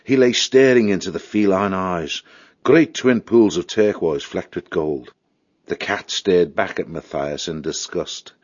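A man reading a storybook aloud in a steady, expressive voice. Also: deep voice, measured pace, no echo, dull audio. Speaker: narrator. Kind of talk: storybook narration.

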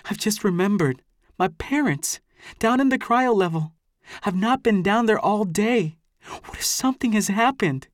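A man's voice: high voice, takes it slowly, dry recording, clean studio sound, pitched above the performer's own voice. A man voicing a distraught, tearful teenage girl who pleads and chokes up. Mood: panicked.

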